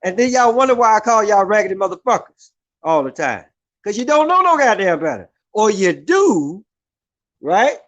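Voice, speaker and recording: Man, very high voice, vlogger ranting hard and cursing, circles back on points, keeps checking in with "right?". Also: big pitch swings, moderate pace, fairly bright tone, muffled recording. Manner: heated, repetitive, keeps asking "right?". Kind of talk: profane opinion rant.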